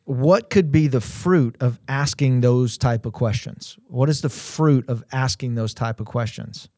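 A man co-hosting a Christian livestream, speaking in a slow, reflective way with occasional playful asides. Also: medium pitch, dark tone, no room sound, studio quality. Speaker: co-host of a faith livestream. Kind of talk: conversational Christian teaching.

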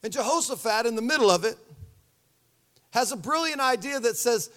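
A pastor preaching a sermon, telling the story with animated energy and acting out the voices. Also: male voice, very high voice, normal speed, long pauses.

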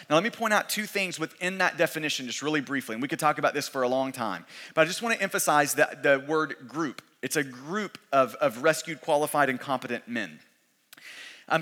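Male pastor, conversational sermon, slightly high, bright and forceful voice, echoing church hall. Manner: conversational, repeats words, restarts. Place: church sanctuary. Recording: long church hall reverb.

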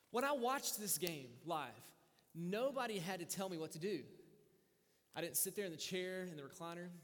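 A man with a high, light voice delivers a sermon to his congregation, his words trailing off in the long reverb of a big church hall. He preaches in an animated, storytelling way, dropping low and quiet, then rising to loud bursts. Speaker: pastor.

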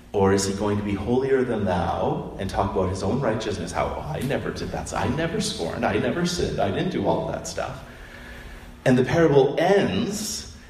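A man's voice: fairly low pitch, slight background noise. Man preaching in an echoey hall. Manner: conversational, animated storytelling with acted quotes. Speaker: pastor. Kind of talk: sermon. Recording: roomy hall, distant mic, faint ambience.

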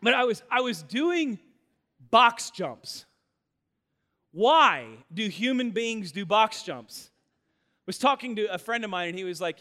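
A man in his thirties preaching a sermon in a church auditorium, telling stories in an animated way with self-deprecating humor. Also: high-pitched, slow pace, long pauses, big-room sound. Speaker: pastor.

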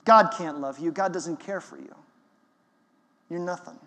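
A man voicing a cold, accusing male devil in a hushed, contemptuous tone. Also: fairly high pitch, measured pace, long reverb tail.

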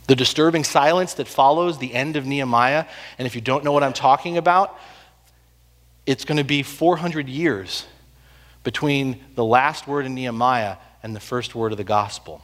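A man preaching a sermon, telling the story with animated swings between loud and hushed delivery. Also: mid-range voice, moderate pace. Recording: long hall reverb.

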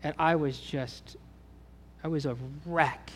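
Male pastor, slightly high voice, earnest sermon storyteller, faint hum in the church sound. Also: steady tone, slow. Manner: personal, earnest storytelling with many restarts; swells louder and higher when voicing God's words. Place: church sanctuary.

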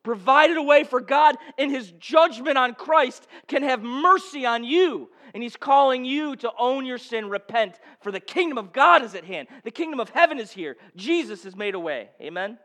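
A man preaching with a very high-pitched voice and fervent delivery. He swings from ringing, emphatic calls to hushed, intimate storytelling. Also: animated, moderate pace, hardly any pauses. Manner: impassioned, building to shouts then dropping to hushed storytelling. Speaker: pastor. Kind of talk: sermon.

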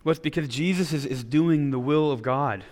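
A man's voice: fairly high pitch, moderate pace, darkish tone, in a large hall. A man preaching a sermon in an earnest way, often restarting his words as he explains. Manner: earnest, with frequent repeated restarts. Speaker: pastor.

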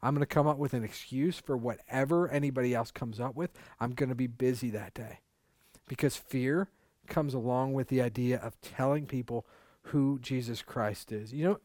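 A man's voice: medium pitch, no room sound, clean studio sound. A man preaching a sermon as a pastor, candid and conversational, repeating words for emphasis.

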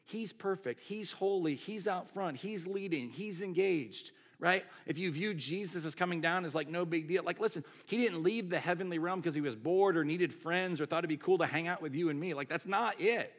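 A man's voice: on the high side, a little fast, few pauses. Conversational male pastor preaching. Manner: conversational, animated preaching full of asides. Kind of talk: sermon.

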